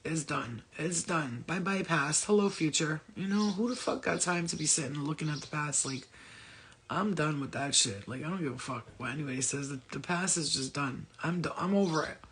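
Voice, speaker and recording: A high-voiced man with a husky edge delivers a loose, profane pep talk straight to his viewers. His speech is blunt and rambling, full of asides and repeated points. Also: brisk, a bit bright. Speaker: spiritual vlogger. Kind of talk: casual motivational rant.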